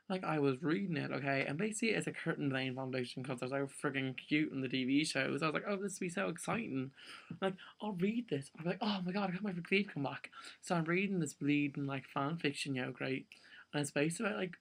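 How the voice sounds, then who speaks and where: A man's voice: on the high side, gravelly. A young man, ranting to camera in a casual vlog, peppering every sentence with "like". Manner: exasperated, filler-heavy ranting with lots of "like". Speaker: vlogger.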